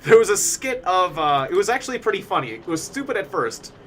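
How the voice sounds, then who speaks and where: Lively, bright-voiced man streaming games. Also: high voice, brisk, a little hiss or hum. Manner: rambling, laughs often, many fillers. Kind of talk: casual live-stream chat while gaming.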